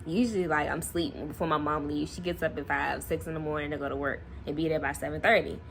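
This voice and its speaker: A young woman vlogger casually telling a personal story to camera, animated and laughing often. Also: low-pitched, fast, slight background noise. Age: young adult.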